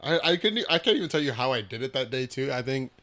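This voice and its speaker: A man's voice: medium pitch, fast talker. Young man rambling through a story. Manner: hesitant, full of fillers, excitable when recounting. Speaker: podcast co-host. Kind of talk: casual chat, storytelling.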